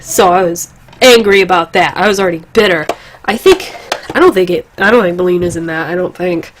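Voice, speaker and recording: A woman's voice: on the low side, fairly quick, a little hiss or hum. A young woman with a stuffy, congested nose, chatting casually and rambling in a gaming vlog, swearing now and then. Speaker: gaming vlogger. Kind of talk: casual chat.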